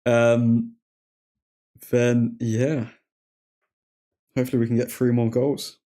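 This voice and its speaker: A chatty man hosts a live football watchalong, rambling casually, laughing often, reading chat aloud and breaking off to call out the play. His medium-pitched voice is dark in tone, slow, and flat in delivery.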